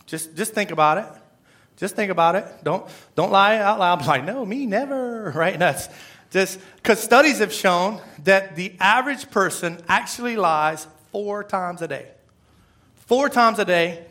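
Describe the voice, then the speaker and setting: A man's voice: high voice, sharp tone. A man preaching a sermon in a conversational way, often asking the congregation to respond. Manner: conversational, asks the crowd for responses. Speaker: pastor.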